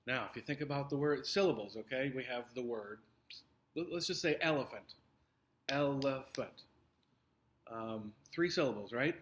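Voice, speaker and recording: A man's voice: mid-range voice, fairly quick, a bit bright. A man teacher walking his students through an upcoming test, explaining patiently with many fillers and restarts. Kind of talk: recorded test review for students.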